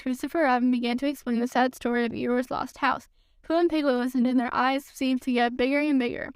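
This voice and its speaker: A woman reading a children's storybook aloud as a podcast host, in a gentle, even storytelling manner. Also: high voice, brisk, clear, resonant tone, dry recording.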